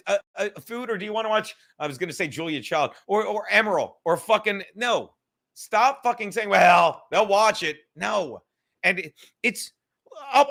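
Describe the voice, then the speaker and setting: A man's voice: high voice, bright, forceful tone. A man hosting a podcast, ranting heatedly and swearing constantly while reading out chat comments. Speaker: podcast host.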